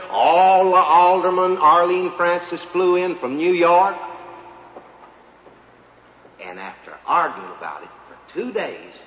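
A man's voice: high-pitched, a bit bright, a little hiss or hum. A man telling a folksy comic tale in a live monologue, in a dull, echoey live recording. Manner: folksy drawling storyteller, feigned humility. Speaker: comedian.

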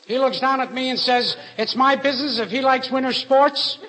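High-voiced stand-up comedian man. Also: moderate pace, low-quality recording. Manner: deadpan one-liners with sung bookends. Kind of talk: rapid-fire stand-up jokes.

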